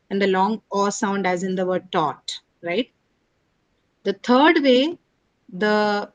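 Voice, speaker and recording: In an online phonetics lesson, a woman with a medium-pitched voice teaches English pronunciation over a rough recording. She explains patiently, spelling words out letter by letter and checking in with "right?" after most points.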